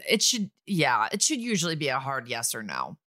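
A woman's voice: very deep voice, wildly swooping pitch, moderate pace, sharp tone, no echo, studio quality. A woman podcast co-host chiming in with wry, joking asides during a casual chat.

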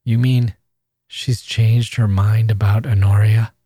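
A man voicing a strained, remorseful father with a low, dry voice, read aloud in a story. He talks in an earnest, slightly raised way, close to the microphone with no room sound. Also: flat delivery, takes it slowly, dark tone, slightly rough, no room sound. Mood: pleading. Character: tense remorseful middle-aged father, pleading.

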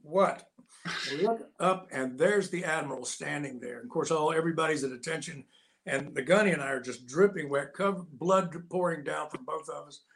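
A man in his sixties, an interview guest telling animated, folksy anecdotes in a casual way. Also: a little high, moderate pace, vocal fry. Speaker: interview guest, actor and Navy veteran.

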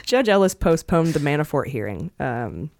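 A woman's voice: low-pitched, big pitch swings, moderate pace, creaky, darkish tone. A woman hosting a podcast, running through the news with wry jokes in a casual chat. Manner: wry, jokey news rundown. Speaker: podcast host.

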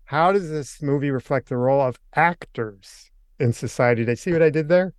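An older man, a podcast guest, telling an anecdote in a casual, lively way and acting out the quoted lines. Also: on the high side, a little fast, smooth, dry recording, clean studio sound. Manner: animated anecdote teller, acts out quotes. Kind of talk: casual storytelling.

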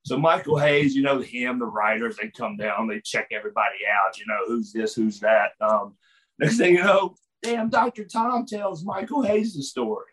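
A man's voice: mid-range voice, normal speed, slightly rough, low-quality recording. A middle-aged man telling a story in a casual chat, laughing often and acting out the voices of the people in it. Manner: animated, laughs often, acts out voices in his stories. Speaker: podcast guest, former wrestler.

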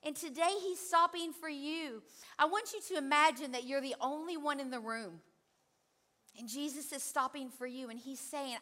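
A woman pastor, preaching a lively, playful sermon and calling on the congregation to repeat after her. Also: high voice, moderate pace.

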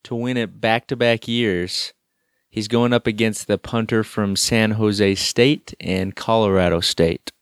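A man's voice: fairly low pitch, steady tone, unhurried, no room sound. A man co-hosting a casual sports talk show, ranting with dry sarcastic jokes. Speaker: co-host.

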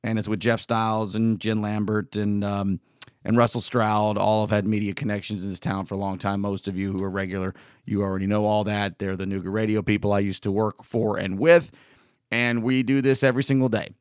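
A man's voice: fairly low pitch, level tone, a little fast, clear, resonant tone, no room sound, clean studio sound. Man with a slightly worn voice. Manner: rambling and candid, with frequent restarts. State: voice slightly worn from weeks of yelling. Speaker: podcast host. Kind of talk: solo casual podcast monologue.

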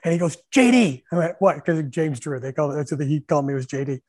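A middle-aged man and former hockey coach telling stories in casual chat, animated, laughing often and acting out what people said. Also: fairly high pitch, very fast, dry recording. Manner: animated storyteller, laughs often, acts out shouted bench calls.

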